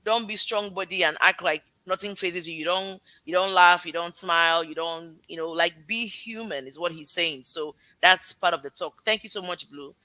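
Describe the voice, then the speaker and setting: A woman hosting a chat show, summing up her guest's points in a lively way and laughing at her own jokes. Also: lowish voice, moderate pace, few pauses, dry recording, rough recording. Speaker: podcast host.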